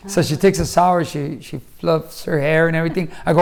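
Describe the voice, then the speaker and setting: A middle-aged man spins a family story in casual chat, his voice sitting a touch high for a man. He acts out each quoted line, jumping up in loudness and pitch, then dropping back down to tell the rest. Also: fast, gravelly, few pauses. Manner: animated storyteller who acts out quoted lines with bursts of loudness. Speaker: host, husband and father.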